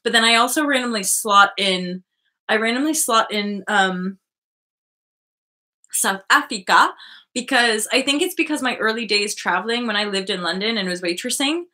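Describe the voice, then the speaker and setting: A Canadian woman in her thirties chats on a livestream, her voice clear and bright with a tense edge. She rambles freely and keeps circling back to restart her sentences. Her pitch sits in an ordinary middle range for a woman. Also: brisk. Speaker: host of a spiritual web show. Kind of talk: casual livestream chat.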